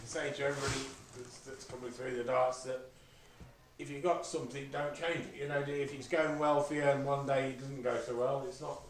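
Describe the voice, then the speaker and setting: A man answering questions at a live Q&A in a relaxed, plain-spoken way. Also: mid-range voice, a little fast. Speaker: guest darts player. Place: live event room. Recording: very echoey room from a distance.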